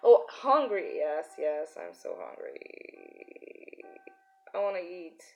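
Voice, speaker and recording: A woman's voice: on the low side, sing-song, slow pace, creaky, highs cut off, faint music behind. A young woman chatting casually and giggling often while streaming her art. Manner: giggly, chatty, many fillers. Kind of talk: casual live-stream chat.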